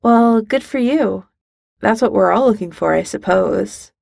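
Woman doing nervous awkward young guy, quick talk, husky gravelly tone, dry sound. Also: mid-range voice, a little mellow, no room sound. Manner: nervous, quick, self-conscious. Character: nervous young wizard man, awkward and teasing.

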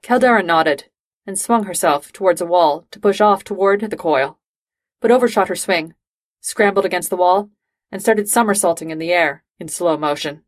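A woman reading fan fiction aloud in steady, even narration. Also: on the low side, normal speed, no room sound, clean studio sound. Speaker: reader.

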